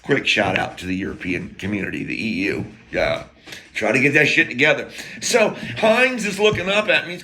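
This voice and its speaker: A man's voice: mid-range voice, big pitch swings, moderate pace, sharp tone. An American man telling a rambling, profane story in a casual monologue, full of jokey asides and broken-off sentences. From United States.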